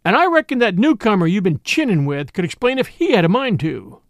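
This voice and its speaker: A man's voice: high-pitched, sing-song, fairly quick, no echo, pitched above the performer's own voice. A man voicing an angry, domineering miners' judge from the frontier, talking in a folksy, bossy way. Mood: interrogating. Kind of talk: audiobook character voice.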